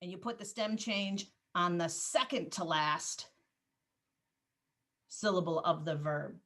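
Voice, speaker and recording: A woman teaching a Spanish class over a video call, patient and encouraging, drilling words slowly. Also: lowish voice, fairly bright tone.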